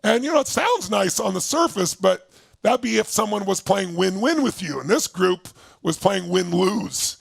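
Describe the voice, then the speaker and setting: A middle-aged man telling a story to an audience, acting out his partners' voices and shouting when he quotes anger. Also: high voice, moderate pace, no room sound. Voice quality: gravelly, husky voice. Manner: animated, shouting while acting out angry quotes. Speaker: motivational speaker.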